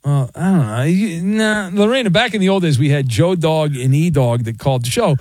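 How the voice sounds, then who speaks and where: Sports radio host, male, lively swooping delivery, dry close studio sound, sarcastic ribbing of callers. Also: fairly high pitch, brisk, no room sound. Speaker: radio talk show host. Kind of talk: overnight sports talk radio. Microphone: studio microphone.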